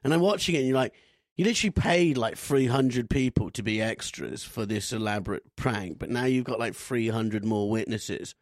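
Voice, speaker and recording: A man co-hosting a relaxed podcast, spinning anecdotes and dropping into comic voices. His pitch is middling and ordinary. The sound is dry and close to the mic. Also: moderate pace, hardly any pauses, no room sound. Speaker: podcast co-host. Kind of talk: casual chat.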